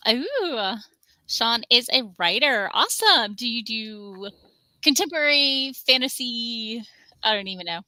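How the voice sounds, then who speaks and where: A woman hosts a relaxed livestream chat, chatty and rambling, with a bright, forceful tone set a little high. She coos at her cat between topics, and her voice sounds close and dry with no room around it. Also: measured pace, no room sound. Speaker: livestream host.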